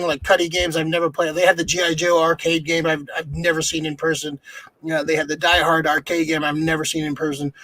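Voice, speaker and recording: A man's voice: a little high, a bit bright, low-quality recording. A man co-hosting a casual podcast, talking loosely with lots of swearing and fillers. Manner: loose and profane, many fillers. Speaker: podcast co-host. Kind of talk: casual chat.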